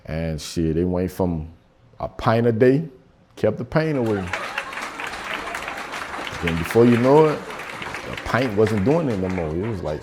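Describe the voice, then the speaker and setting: A man's voice: on the low side, big pitch swings, measured pace, pauses often, a crowd in the background, noisy background. A man doing stand-up storytelling in loose, profane, conversational slang. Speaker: stand-up comedian. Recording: live show with audience laughter.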